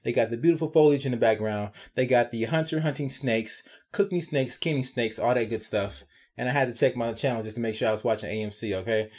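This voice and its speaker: A man with a medium-pitched voice gives a casual, sarcastic recap and review of a TV episode. He's chatty and animated, tagging his points with quick check-ins to the viewer.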